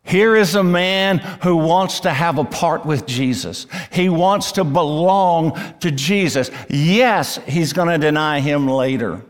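A male pastor preaching an expository sermon, emphatic and deliberate, rising in pitch on key words. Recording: long reverb of a church hall.

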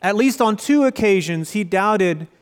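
A man's voice: high-pitched, lively intonation, a little slow, smooth. A young man preaching a sermon as pastor, conversational and storytelling, with quoted asides. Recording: long reverb of a large hall.

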